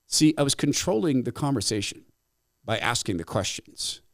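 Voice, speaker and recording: A man's voice: mid-range voice, moderate pace, gravelly, no room sound. A middle-aged male talk-show host telling a personal story with plenty of asides. His voice rises and falls a lot, and the mic sound is dry and close. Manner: animated, conversational, with asides. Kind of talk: storytelling commentary.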